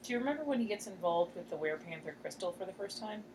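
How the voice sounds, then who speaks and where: A woman's voice: mid-range voice, animated, a little mellow, slight background noise. A woman co-hosting a podcast, chatting casually and cutting in with teasing remarks. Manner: quick, interjecting, teasing. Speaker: podcast co-host. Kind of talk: casual chat.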